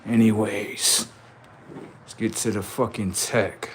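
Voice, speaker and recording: A man's voice: fairly low pitch, little pitch movement, takes it slowly, a little hiss or hum. Profane ranting male livestream host. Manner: profane, mocking, repetitive.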